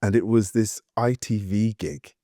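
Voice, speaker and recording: A man, a podcast guest telling animated stories with many fillers and restarts, and laughing often. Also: lowish voice, unhurried, dry recording, clean studio sound. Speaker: guest, actor and studio founder. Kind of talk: casual podcast storytelling.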